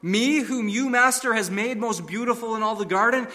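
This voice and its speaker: A man voicing a humble, devoted male bamboo plant in a told fable, pleading in a high, trembling voice. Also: normal speed, sharp tone, in a large hall.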